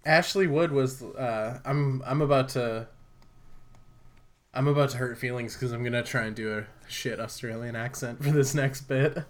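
A man's voice: medium pitch, steady tone, normal speed. A man hosting a podcast, talking in a jokey, profane, self-deprecating way. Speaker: podcast host. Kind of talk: casual chat.

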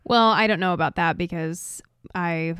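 Podcast co-host, female, smooth voice, dry close mic, casual chat. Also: fairly low pitch, moderate pace, fairly bright tone, dry recording. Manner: brief dry agreeing interjections.

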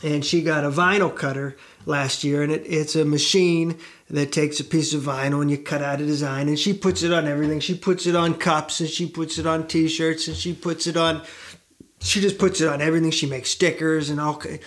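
A man's voice: fairly high pitch, steady tone, brisk, a bit bright. A middle-aged man from the United States, a show host telling a rambling, self-deprecating story to camera with many fillers and side tracks.

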